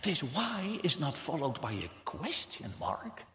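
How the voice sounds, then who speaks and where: A man's voice: a little high, wildly swooping pitch, a little slow, sharp tone. A man preaching a sermon in an emphatic, rhetorical way, repeating words for effect, heard in a large hall or church. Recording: echoey hall with long reverb.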